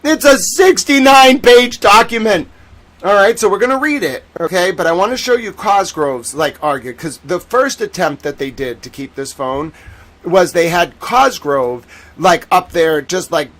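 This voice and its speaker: A man hosting a casual legal commentary stream, animated and sarcastic, who mocks people in whiny put-on voices. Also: high-pitched, moderate pace. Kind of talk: casual chat.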